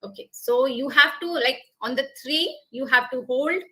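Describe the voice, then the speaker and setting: A woman's voice: high voice, normal speed, sharp tone, rough recording. A woman with an Indian English accent giving a public speaking webinar over a video call, explaining things step by step and leading breathing exercises. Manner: instructive, repetitive, leads breathing exercises. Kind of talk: online workshop talk.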